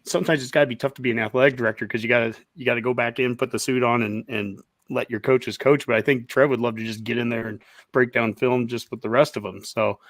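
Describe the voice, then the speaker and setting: A man hosting a casual sports podcast, animated and excitable, laughing often. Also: mid-range voice, fast talker, no echo. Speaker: podcast host.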